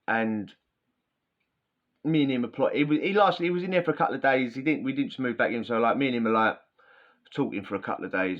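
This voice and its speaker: A man's voice: medium pitch, quick pace. A man telling prison stories in a chatty, slangy, rambling way. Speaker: podcast host. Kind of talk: casual storytelling. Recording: dull lo-fi sound.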